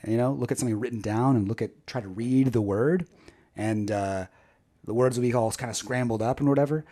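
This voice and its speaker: A man's voice: medium pitch, fairly quick, mellow. A Canadian man giving wry, rambling casual commentary on a video as a creator. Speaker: YouTube creator. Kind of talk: casual commentary reading jokes aloud.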